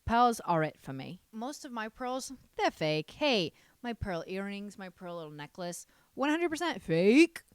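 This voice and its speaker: A young woman in her twenties chats on her solo podcast, sassy and outspoken, cursing without a second thought. Her voice is smooth and clear, and her pitch swings widely as she rants. The sound is dry and close, with no room echo. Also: a little slow, hardly any pauses. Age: 20s. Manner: sassy, animated, swears freely. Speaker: podcast host. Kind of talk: casual solo podcast chat.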